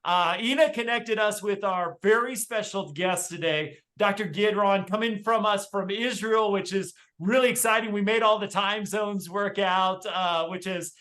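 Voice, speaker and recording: A man's voice: high voice, normal speed, hardly any pauses, sharp tone. A man hosting a podcast, welcoming a guest in an upbeat, filler-heavy way. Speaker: podcast host. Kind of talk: casual interview hosting.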